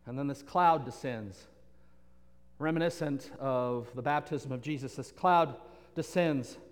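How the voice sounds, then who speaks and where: A man preaching a sermon as pastor, animated and repetitive, with playful asides. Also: mid-range voice, unhurried, in a large hall.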